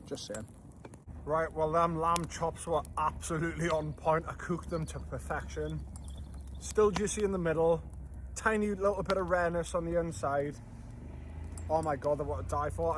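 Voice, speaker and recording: A Geordie man in his thirties talking casually to camera outdoors at night. His voice sits a touch high, and he is chatty, enthusiastic and quick to swear. A faint hiss runs under the recording. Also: a bit bright. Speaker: vlogger host. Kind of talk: casual camping vlog.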